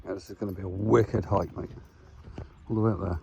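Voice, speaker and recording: A man's voice: deep voice, steady tone, brisk, creaky, highs cut off. A young man, chatting casually to his phone camera as he hikes up a windy hillside. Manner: chatty, matey, talks to camera while walking. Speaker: travel vlogger. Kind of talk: casual hiking vlog. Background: wind and outdoor ambience.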